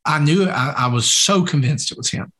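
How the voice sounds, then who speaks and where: A man telling a story on a podcast in a relaxed, chatty way, with plenty of fillers. He acts out the lines people said in the story. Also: on the high side, fairly quick. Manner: animated, acts out quoted dialogue, many fillers. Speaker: podcast co-host. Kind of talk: casual anecdotal storytelling.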